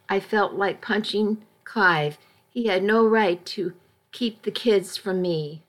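A woman reads a first-person audiobook story at a measured, steady pace. Her voice sits at an ordinary mid pitch and stays even and unhurried. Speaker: narrator.

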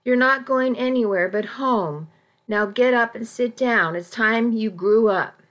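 A woman voicing a caring, firm middle-aged aunt in an audiobook, gentle but stern and pleading. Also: a little high, measured pace. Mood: concerned, stern. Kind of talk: audiobook reading.

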